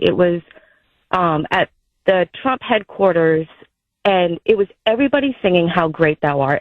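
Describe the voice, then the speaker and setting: A woman's voice: medium pitch, dry recording. A woman in her thirties calling in to a radio show, telling a story in a chatty, heartfelt way. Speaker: caller. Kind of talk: call-in over the phone. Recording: tinny phone line.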